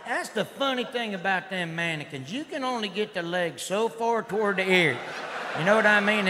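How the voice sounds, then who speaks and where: Rowdy comedian, high, loud hall. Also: male voice. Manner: rowdy redneck persona, drawling and shouting. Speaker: stand-up comedian. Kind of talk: stand-up routine. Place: live comedy stage. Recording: live hall recording with crowd noise. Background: audience laughter and noise.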